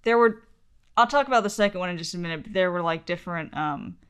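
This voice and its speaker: A woman co-hosting a podcast, chatting in an amused, animated way. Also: fairly low pitch, fast talker, clear, resonant tone. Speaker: podcast co-host. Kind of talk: casual chat.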